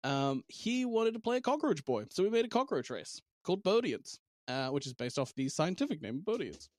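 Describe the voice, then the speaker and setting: Playful, lively New man. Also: sits high, normal speed, no room sound, studio quality. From New Zealand. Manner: playful, laughing, teasing. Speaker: podcast co-host and game master. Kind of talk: casual chat.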